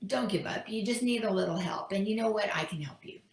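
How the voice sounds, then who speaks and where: A woman's voice: medium pitch, a little fast, reverberant, natural voice. A woman voicing a kindly older man who reassures a struggling stranger. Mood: encouraging. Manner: reassuring, fatherly.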